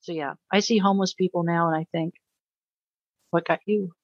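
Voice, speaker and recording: A middle-aged woman, appearing as an interview guest, tells her story earnestly and emotionally in a somewhat low, steady voice at a moderate pace, often repeating words for emphasis. The audio is dry and a bit dull, like a remote call, with no room sound.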